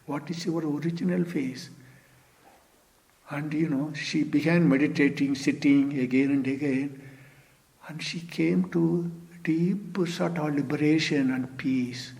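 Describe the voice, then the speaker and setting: Older man giving a slow Zen dharma talk. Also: a little high. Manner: unhurried, repeats "you see" often, chuckles softly. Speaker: Zen teacher.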